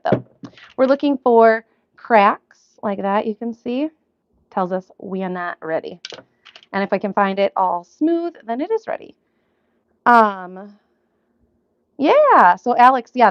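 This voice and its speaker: A woman from Minnesota hosting a casual livestream, chatty and gushing with easy excitement, breaking off into asides. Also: mid-range voice, no room sound, dull audio. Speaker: livestream host. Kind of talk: casual live-stream chat. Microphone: phone.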